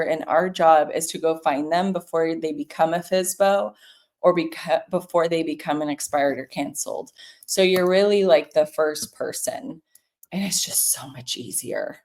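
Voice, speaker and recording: A woman from California with a Californian accent, a real estate broker chatting casually and upbeat while making cold calls. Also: fairly low pitch. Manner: upbeat, chatty, quick bursts of excitement. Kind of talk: casual livestream chat while cold calling.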